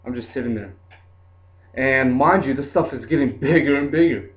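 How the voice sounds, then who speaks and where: This young man speaks at a normal speed in a medium-pitched voice, telling a loose, meandering story packed with "like" and "dude." He sounds laid-back, and the audio is thin and lo-fi, much like a phone call.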